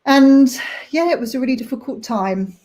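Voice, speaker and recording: A young woman talking candidly and emotionally about a hard personal time, halting with many fillers. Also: high voice, lively intonation, mellow. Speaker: nanny sharing her story.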